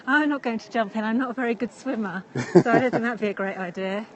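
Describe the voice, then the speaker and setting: A woman's voice: on the high side, quick pace, lo-fi sound, slight background noise. A woman with an English accent chatting to viewers while walking outdoors, describing the route and laughing lightly. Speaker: live-stream vlogger. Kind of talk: casual walking live stream. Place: outdoor lakeside park. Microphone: phone camera while walking.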